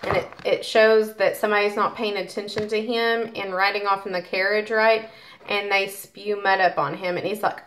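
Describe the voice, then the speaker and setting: A woman doing a casual tarot reading in a mid-pitched voice. She chats directly to her viewers and reads passages from a guidebook aloud. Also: fairly even intonation, normal speed, a bit bright. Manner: chatty, talks directly to viewers. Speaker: tarot card reader.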